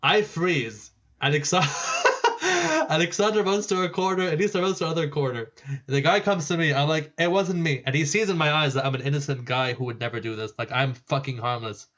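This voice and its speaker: A man from Lebanon, a podcast guest telling stories in a casual, animated way, laughing and swearing freely. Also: a little high, a little fast, highs cut off. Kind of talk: casual storytelling.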